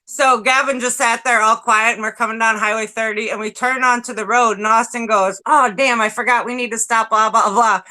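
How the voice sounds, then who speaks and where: A woman's voice: a little high, fairly even intonation, brisk, hardly any pauses, sharp tone, rough recording. A middle-aged woman, a guest on a casual livestream, telling stories in a chatty, profane way. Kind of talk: casual chat.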